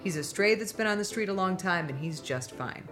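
A middle-aged woman telling a long, animated anecdote on a talk show. She laughs often and acts out the voices of the people in her story. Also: on the low side, brisk, faint music behind.

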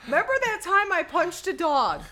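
A woman's voice: very high-pitched, big pitch swings, normal speed, bright, forceful tone. A woman teasing a friend with dry, sarcastic ribbing in casual banter. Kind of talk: casual banter on a comedy talk show.

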